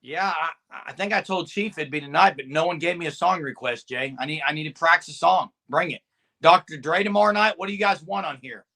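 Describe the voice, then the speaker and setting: Loud, bright-voiced man. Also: on the high side, fairly quick. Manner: loud, emphatic, at times yelling. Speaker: co-host. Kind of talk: casual sports talk on a live stream.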